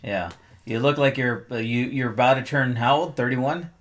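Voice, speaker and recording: A man's voice: medium pitch, normal speed. A man comedian chatting on a podcast, dry and needling. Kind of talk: casual comedic chat.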